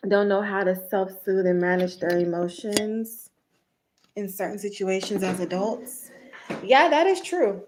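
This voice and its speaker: A woman, an esthetician, chatting on a casual livestream and telling stories in a blunt, animated way. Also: medium pitch, measured pace, roomy sound, a little hiss or hum, low-quality recording.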